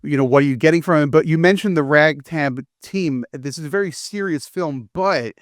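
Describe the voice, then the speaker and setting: A man's voice: a little high, fairly quick, no echo, studio quality. A man, a film reviewer, chatting casually on a podcast and acting out characters' lines as he retells a plot.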